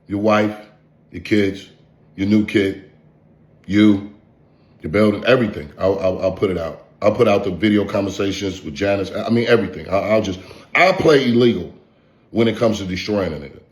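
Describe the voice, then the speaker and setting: An online content creator with a lowish voice rants at a moderate pace in a vlog, taunting and swearing while repeating the same insults over and over. The room has a noticeable echo.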